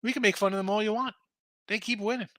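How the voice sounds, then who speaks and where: A man hosting a sports betting show, talking through picks in a lively, argumentative way and answering his chat. His voice is bright and sits a little high. The sound is dry and close. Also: fast, no echo. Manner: animated, argumentative, reads chat comments aloud.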